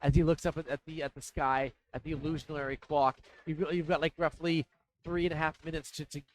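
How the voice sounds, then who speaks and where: A man narrating as dungeon master, talking in a halting way with many fillers and restarts. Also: on the high side, little pitch movement, slight background noise, poor audio. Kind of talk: narrating a tabletop game.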